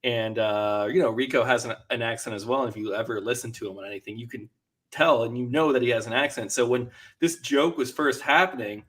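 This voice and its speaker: A man co-hosting a casual reality show recap, relaxed and analytical. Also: medium pitch, a little fast. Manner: relaxed, analytical, some fillers. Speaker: podcast co-host. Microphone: video call.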